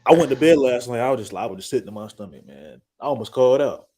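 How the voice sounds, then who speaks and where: A man's voice: mid-range voice, fast, warm tone. A man chatting casually about sports as a guest, friendly and conversational. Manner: friendly, conversational, repeats himself.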